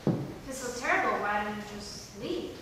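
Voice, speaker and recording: A woman's voice: fairly high pitch, lively intonation, natural voice. An actress playing a patient, thoughtful young woman defending a film at a stage reading, recorded from far off in an echoey hall. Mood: calm. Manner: measured, patient, lightly mocking. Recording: echoey hall, mic far off, faint hiss.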